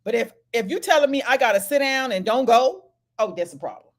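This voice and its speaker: A woman, co-hosting a casual chat and telling stories in an animated way, laughing often. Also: a little high, fairly quick. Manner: animated storytelling, laughing, loud retorts. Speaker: podcast co-host.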